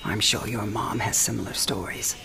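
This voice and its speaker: A frail old mother, low voice. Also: steady tone, normal speed, noisy background. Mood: tender. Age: older. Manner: soft, breathy, half-whispered. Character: dying elderly mother, warm and frank. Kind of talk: game cinematic acting.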